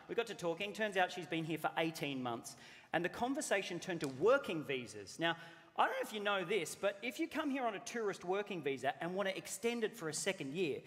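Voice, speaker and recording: A brash male puppet stand-up, performed by a man, with a sweary, quick way of telling stories. His voice sits high and bright. It carries through a big reverberant theatre with a low hum of audience behind. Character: cheeky foul-mouthed male puppet stand-up comedian. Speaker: stand-up comedian. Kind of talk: stand-up comedy routine. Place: large theatre stage.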